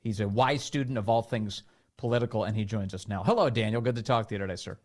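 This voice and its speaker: A man's voice: fairly low pitch, fast, a little mellow. A man hosting a talk radio show, sarcastic and amused, speaking into a studio microphone.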